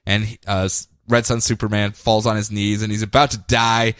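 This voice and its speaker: A man's voice: fairly low pitch, little pitch movement, normal speed, fairly bright tone, smooth, no echo, studio quality. A man co-hosting a podcast, recapping comics casually and animatedly, laughing often and acting out quotes. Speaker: podcast co-host.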